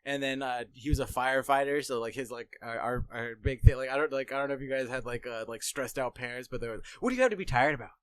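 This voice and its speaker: A man's voice: medium pitch, level tone, fast, hardly any pauses, fairly bright tone, clear, resonant tone, no echo. Laid-back young man rambling in chat. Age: young adult. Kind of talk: casual comedy chat.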